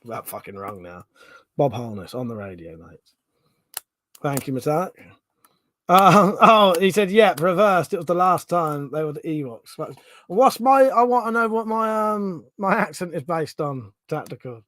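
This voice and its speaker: A man's voice: a little high, animated, normal speed, a bit bright. A man with a Home Counties English accent hosting a casual live stream, reading out chat questions, thinking aloud and swearing freely.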